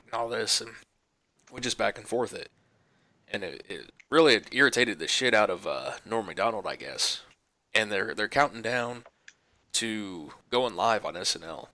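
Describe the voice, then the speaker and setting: A man's voice: lowish voice, moderate pace, no echo. A man co-hosting a casual movie podcast, telling a story and acting out other people's lines. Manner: animated storyteller who acts out other people's voices. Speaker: podcast co-host. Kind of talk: casual chat, telling an anecdote.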